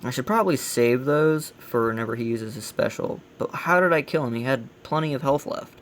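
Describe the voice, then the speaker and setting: A man with a gravelly voice hosting a casual let's play, giving blunt, grumbling critique as he plays. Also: medium pitch, animated, brisk, slight background noise. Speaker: gaming channel host.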